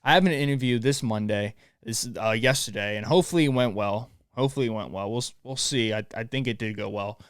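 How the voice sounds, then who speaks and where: A man's voice: mid-range voice, fast, few pauses, clear, resonant tone, dry recording, studio quality. A young man hosting a solo podcast from home, giving a profane, pumped-up motivational rant. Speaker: podcast host. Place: home room, dog barking nearby.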